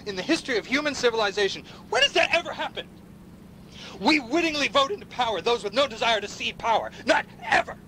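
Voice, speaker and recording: Ranting paranoid pundit. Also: male voice, high voice, slight background noise, exaggerated voice. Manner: ranting, swinging from hushed whispers to shouts. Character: paranoid male pundit ranting against machines. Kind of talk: video game dialogue.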